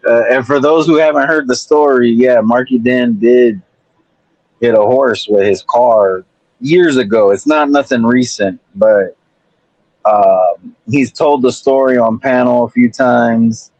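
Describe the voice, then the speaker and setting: A man talks in a slow, unhurried drawl as a livestream panel guest. His voice is husky, and the sound is dry and close. He rambles in a laid-back way. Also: mid-range voice, darkish tone, no room sound, rough recording. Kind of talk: casual chat.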